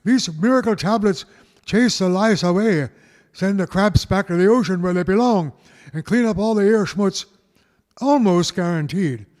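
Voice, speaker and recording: Hammy high-voiced man reading a spoof ad. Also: moderate pace, darkish tone, long reverb tail. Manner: hammy, stumbling, goofy. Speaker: radio co-host. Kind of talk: mock commercial and studio banter.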